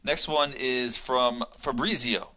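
Bright-voiced male radio co-host. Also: medium pitch, takes it slowly. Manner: reads emails aloud, wry. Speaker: radio co-host reading listener emails. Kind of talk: casual radio chat.

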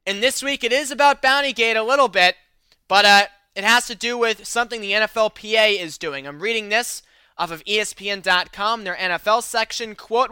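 A man's voice: high voice, fairly quick, sharp tone, clear, resonant tone, no echo. A man hosting a sports talk show, delivering an emphatic, opinionated monologue.

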